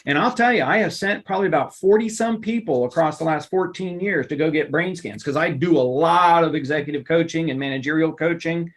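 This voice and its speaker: A middle-aged man giving a live online workplace lunch-and-learn, emphatic and animated, repeating phrases for effect. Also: a little high, a little fast, few pauses. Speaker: workplace trainer and coach.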